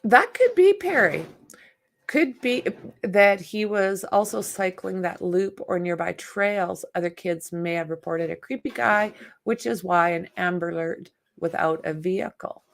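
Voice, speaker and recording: Slow, gravelly-voiced woman hosting a livestream. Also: on the low side. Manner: chatty, reads out and greets viewer comments; outspoken and exasperated with spam commenters. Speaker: livestream host. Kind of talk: casual true-crime livestream commentary.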